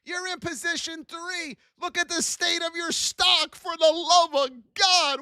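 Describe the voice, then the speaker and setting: Woman trading teacher, high pitch, unhurried but animated and scolding, dry close sound. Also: no room sound. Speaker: trading educator. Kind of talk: live-streamed trading lesson.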